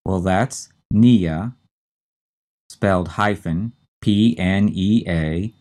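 Guy teaching medical terms real slow, low deep voice, spells stuff out letter by letter. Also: darkish tone. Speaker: instructor. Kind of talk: recorded medical terminology lecture.

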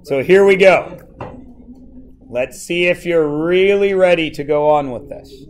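A man's voice: on the high side, measured pace. A male math teacher in a classroom, playfully quizzing his students and joking with them. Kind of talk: classroom lesson.

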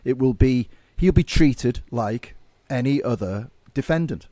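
A man co-hosting a political podcast who talks in an animated way, stammering as he starts sentences and asking rhetorical questions. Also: mid-range voice, unhurried, no room sound. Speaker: podcast co-host. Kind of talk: casual political chat.

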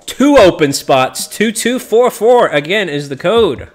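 A man's voice: high voice, sing-song, measured pace. A man streaming online matches with viewers, chatting casually and greeting and teasing them by name. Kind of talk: casual live-stream chat.

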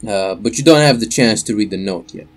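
A man's voice: lowish voice, expressive, a little fast, faint music behind. A young man narrating as game master for a tabletop game, in a loose, rambling way with many fillers.

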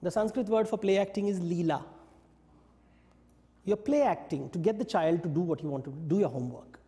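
A man giving a lecture, telling stories in an animated way and briefly acting out what the characters say. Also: sits high, moderate pace, in a large hall. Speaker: invited speaker. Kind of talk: lecture on mythology. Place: yoga studio talk.

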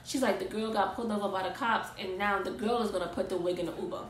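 A young woman telling an animated, exasperated storytime vlog in casual slang. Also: medium pitch, fast talker, echoey room, slight background noise, rough recording. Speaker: vlogger.

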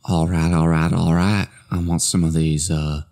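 A man voicing a laid-back man with a slow, rambling drawl and a repeated catchphrase. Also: deep voice, little pitch movement, creaky, a little mellow, smooth, voice pushed down.

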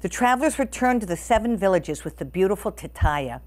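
A woman reading a storybook aloud to listeners as the storyteller, expressive and animated. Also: mid-range voice, brisk.

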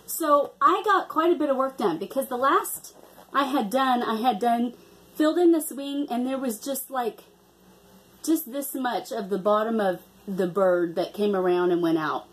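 A woman's voice: on the high side, normal speed. A woman chatting casually in a craft vlog, hesitant with many ums and restarts. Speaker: cross-stitch vlogger.

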